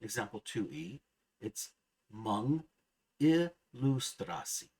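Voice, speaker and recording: A man narrating a scripted grammar lesson, measured and precise, slowly sounding out each example word. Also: mid-range voice, animated, slightly rough, rough recording. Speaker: language teacher.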